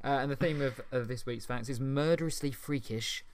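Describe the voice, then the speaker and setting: A man co-hosting a casual podcast, chatty and quick to laugh, with the odd swear word. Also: mid-range voice, a little hiss or hum. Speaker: podcast co-host. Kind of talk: casual chat.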